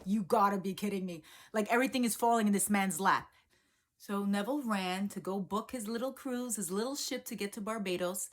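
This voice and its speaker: A woman coach telling a story in a chatty, animated, casual way. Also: mid-range voice, brisk. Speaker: law of assumption coach.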